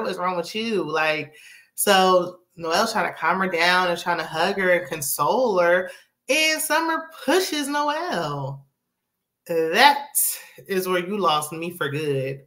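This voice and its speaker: A woman's voice: lowish voice, fairly bright tone. A woman giving a casual, sassy recap of a reality show, chatty with frequent asides. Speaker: TV recap host.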